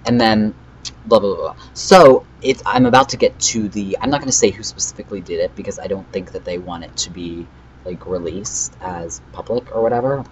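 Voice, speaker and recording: A teenage boy with a low voice rambles through a storytime vlog, filling gaps with "um" and reading chat messages in a flat tone. The recording sounds slightly dull and muffled. A faint hiss sits under the voice. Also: fairly quick. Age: teens. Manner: rambling, reads out chat messages flatly, frequent fillers. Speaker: vlogger. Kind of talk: casual storytime recap.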